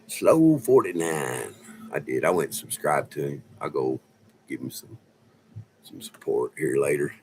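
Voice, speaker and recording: In a rumbling low, darkish, animated voice, a middle-aged vlogger chats in a loose, profane ramble, drawing out stories and calling people "man" constantly. The low-quality audio carries a slight hiss or hum.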